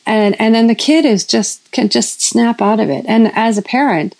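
A woman's voice: on the high side, normal speed, a little mellow, poor audio. A woman in her fifties preaching in a casual storytelling way, rambling with many restarts and self-corrections. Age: 50s. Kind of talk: sermon-style storytelling.

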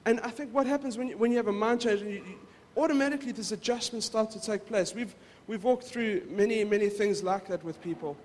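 A man's voice: high voice, fast, hardly any pauses, a little mellow, slight background noise. A male pastor preaching in a casual, conversational way, often repeating words as he goes. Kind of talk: casual sermon. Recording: reverberant hall.

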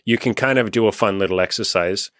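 A man's voice: lowish voice, quick pace, fairly bright tone. A young man hosting as a dating coach, talking casually and profanely and acting out the voices of people he quotes. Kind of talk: casual podcast conversation.

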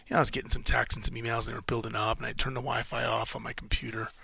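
A man hosting a solo podcast, rambling in halting, profane restarts while emotionally shaken and close to tears. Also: medium pitch, level tone, creaky, sharp tone, husky, no echo. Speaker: podcast host.

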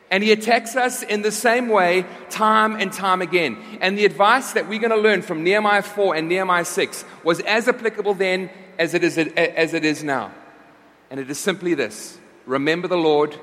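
A man's voice: sits high, moderate pace, sharp tone. A man preaching a sermon to his congregation in a conversational way, often restarting and repeating his phrases. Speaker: pastor. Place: church service. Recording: long reverb of a large hall.

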